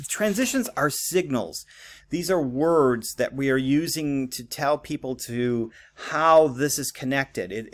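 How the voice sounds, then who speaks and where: Man giving a casual writing lecture. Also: mid-range voice. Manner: conversational, many fillers and "okay?" checks. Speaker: writing teacher. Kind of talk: recorded classroom lecture.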